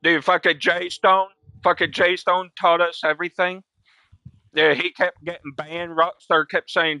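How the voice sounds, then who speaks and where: A man's voice: high voice, level tone, a little slow, dry recording. Swearing, slangy young man gamer. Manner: profane, laid-back slang with loud quoted outbursts. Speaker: gaming streamer. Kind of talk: casual storytelling while playing.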